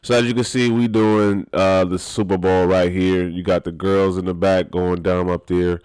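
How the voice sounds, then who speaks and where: Loud, laughing young streamer man. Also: sits low, normal speed, clear, resonant tone. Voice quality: talks loud. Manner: animated and laughing, slangy. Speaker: dancer and streamer. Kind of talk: casual live-stream chat.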